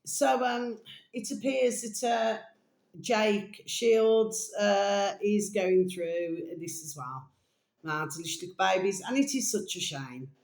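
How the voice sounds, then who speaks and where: A woman vlogging in a rambling, casual monologue, full of fillers and slow dictation. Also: medium pitch, a little mellow. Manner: meandering, full of fillers, dictating text slowly; coos baby talk to her pet. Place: home room. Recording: echoey room.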